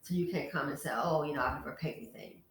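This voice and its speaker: A woman hosts a casual commentary vlog in a fairly low voice. She talks frankly and chattily, speaking straight to the women watching. Her voice rings in a roomy, echoey space. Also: fast talker, a little hiss or hum. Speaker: channel host. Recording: echoey room.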